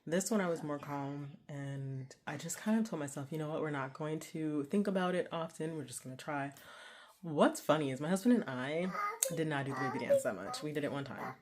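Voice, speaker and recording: A woman's voice: deep voice, sing-song, a little fast, darkish tone, a little hiss or hum. A woman in her forties chatting casually in a home vlog, rambling and laughing often. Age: 40s. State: out of breath. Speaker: vlogger.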